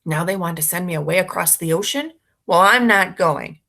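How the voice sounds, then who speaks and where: A woman's voice: lowish voice, normal speed, gravelly, sharp tone. A woman reading a children's story aloud expressively, narrating as a boy. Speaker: reader for schoolchildren.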